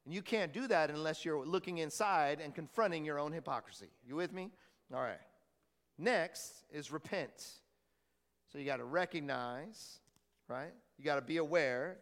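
A pastor preaching a sermon in a church, talking conversationally and asking the congregation questions. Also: male voice, on the high side, normal speed, a bit bright, big-room sound. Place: church hall.

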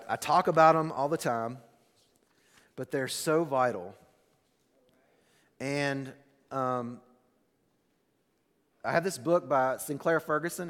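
A man preaching a sermon as pastor, telling a story with animated bursts that drop to a hushed, slow delivery. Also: mid-range voice, in a large hall.

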